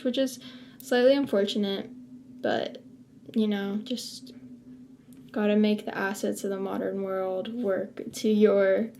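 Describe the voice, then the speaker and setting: A woman's voice: medium pitch, creaky, warm tone, a little hiss or hum. A young woman vlogging in a casual chat to camera, rambling with lots of filler words.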